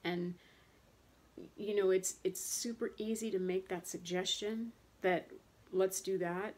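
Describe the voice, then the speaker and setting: A woman's voice: medium pitch, fairly even intonation, slow pace, a little mellow. A woman in her thirties talking candidly and in a rambling way, frustrated, with many fillers and restarts, in a casual personal monologue. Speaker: vlogger talking about chronic pain.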